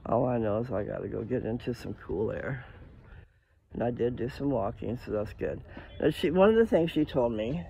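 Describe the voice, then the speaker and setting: Brief: man of average pitch, unscripted home vlogger, wanders off topic, chats straight to his audience. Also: lively intonation, normal speed, creaky, mellow, highs cut off, a little hiss or hum. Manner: scattered, rambling, talks to viewers directly. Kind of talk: casual rambling vlog talk. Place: indoors at home, walking between rooms.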